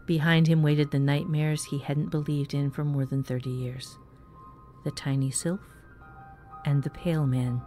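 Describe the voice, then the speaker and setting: A woman narrating a dark fantasy story in a measured, even way. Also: sits low, soft background music. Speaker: story reader. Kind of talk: scripted narration.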